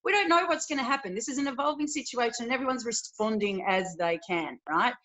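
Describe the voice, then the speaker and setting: A woman's voice: a little high, fast talker, fairly bright tone, poor audio. A woman on a casual panel, giving blunt, practical advice with lots of "like" and "right".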